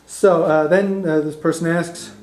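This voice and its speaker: A man teaching a beginner language class, explaining step by step and modelling phrases slowly so the class can repeat them. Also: on the high side, steady tone, darkish tone. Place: community classroom in a heritage house. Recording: echoey classroom recording.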